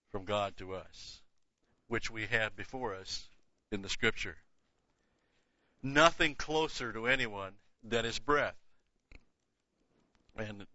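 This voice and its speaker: A man's voice: on the low side, sharp tone, no echo. An older man giving a Bible teaching lecture, emphatic, repeating key words and dropping casual asides. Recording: dull lo-fi dry recording.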